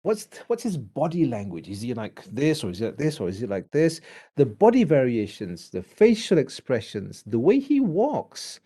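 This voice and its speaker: A man with a fairly high voice and a Malaysian accent gives an animated drama lecture at a moderate pace. He blends English and Malay and dramatizes examples for his students.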